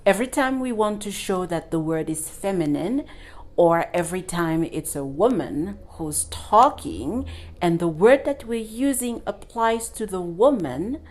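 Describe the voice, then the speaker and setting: A woman's voice: on the low side, a little mellow. A woman teaching a French lesson, patiently repeating and demonstrating sounds for her learners. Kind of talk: online language lesson.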